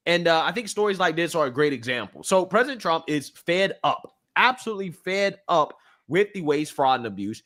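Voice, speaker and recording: Bright emphatic male commentator. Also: fairly high pitch, big pitch swings, brisk. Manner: emphatic, repeats points. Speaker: political commentator. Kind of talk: political commentary segment.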